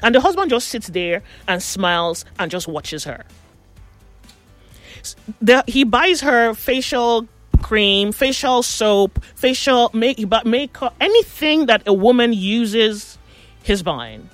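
A woman's voice: fairly high pitch, slow, no room sound, faint music behind. A woman chatting casually, telling gossipy stories and acting out what people said. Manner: animated gossipy storyteller, acts out quotes. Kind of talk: casual chat, storytelling.

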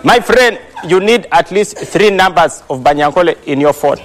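A man's voice: high voice, animated, normal speed. A man with a Ugandan English accent doing stand-up comedy on stage, telling a story and teasing the audience directly. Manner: teasing, addresses the crowd directly. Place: stage in front of a live audience. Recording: live show with crowd noise. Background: audience laughter.

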